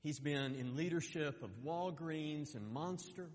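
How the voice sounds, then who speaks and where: A man's voice: fairly high pitch, a little slow, big-room sound. A man preaching a sermon, earnest, often repeating words as he restarts. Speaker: pastor.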